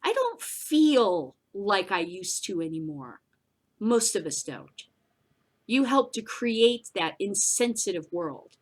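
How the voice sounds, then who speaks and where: A blunt, profane woman rants through a news commentary. Her voice sits at an ordinary middle pitch, and she swings from loud, raised outbursts down to low, muttered asides. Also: very animated, slow. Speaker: podcast host. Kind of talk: ranting commentary.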